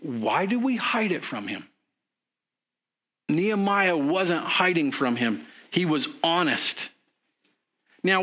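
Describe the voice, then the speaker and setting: Slow, bright-voiced male preacher. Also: mid-range voice. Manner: earnest, conversational preaching with questions to the congregation. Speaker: pastor. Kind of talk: sermon.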